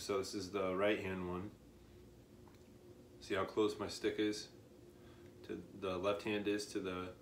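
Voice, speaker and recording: Slow, low-voiced man teaching drums. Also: background noise. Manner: slow, relaxed, counts aloud while demonstrating. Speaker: drum teacher. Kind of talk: casual instructional demo. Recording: echoey room with loud kitchen clatter.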